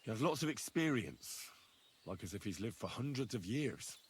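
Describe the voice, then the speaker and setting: A man's voice: fairly low pitch, sing-song, moderate pace, breathy edge, heavily acted. A man voicing an earnest, polite young blacksmith's son turned knight in a video game. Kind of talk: game character dialogue.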